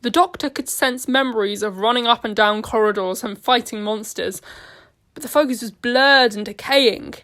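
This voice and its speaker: A woman narrates a homemade audio story with an earnest, steady delivery. Her voice is fairly high, and she reads the scenes aloud without much fuss. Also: moderate pace.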